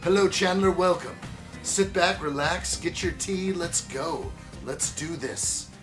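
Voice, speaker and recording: This live-stream host talks slowly in a slightly high voice as music plays, building things while chatting brightly and calling out viewers by name.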